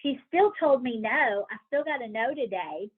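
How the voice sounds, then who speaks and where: A fairly high-voiced woman coaching her sales team on a group call, animated and conversational, playing out anxious thoughts before turning them around. Her voice comes through a thin, phone-like line. She pauses to ask her listeners to unmute and answer. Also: husky. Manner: animated, acts out inner voices, asks the group questions. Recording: tinny phone-like call audio.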